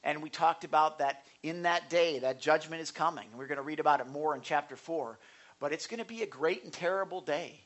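A male pastor delivers a sermon with a high-pitched, bright voice. He keeps it conversational, putting questions to his listeners and rising into forceful emphasis. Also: fairly quick. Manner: earnest, conversational preaching with rising bursts of emphasis; asks the congregation questions.

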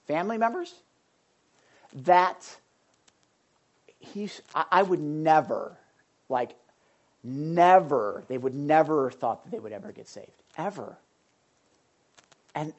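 Animated woman preaching a sermon. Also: lowish voice, muffled recording. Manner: animated, conversational, emphatic with frequent asides.

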